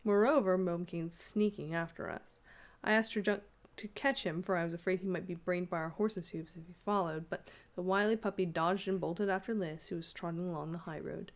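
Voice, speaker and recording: A woman's voice: lowish voice, a little fast. Woman reading a story aloud. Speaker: narrator.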